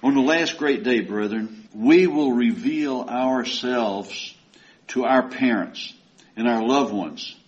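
A man's voice: medium pitch, slow. A man preaching a sermon and retelling a story in a folksy, conversational way. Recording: dull lo-fi recording.

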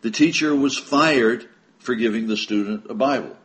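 A man's voice: mid-range voice, moderate pace, a bit bright. A man preaching a sermon, reading scripture aloud with rising emphasis and addressing listeners as brethren.

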